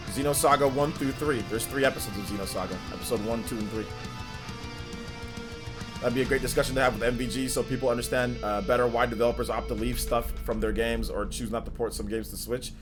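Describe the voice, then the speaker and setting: A man hosting a livestream, chatting casually and rambling through viewer comments with lots of filler words. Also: medium pitch. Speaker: livestream host.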